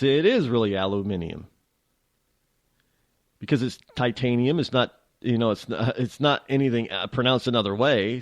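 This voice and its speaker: A man's voice: medium pitch, a little mellow, no room sound. A man from New hosting a radio show, talking in a rambling, joking way that keeps interrupting itself. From New England. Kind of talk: casual talk radio monologue.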